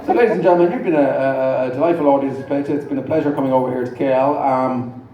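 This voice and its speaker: Speaking very fast in a mid-range voice, a middle-aged comedian performs dry, self-deprecating stand-up with rambling digressions before a large audience. The highs are cut off, and crowd noise and laughter fill the background. The recording is noisy, echoing through the hall from a distant mic.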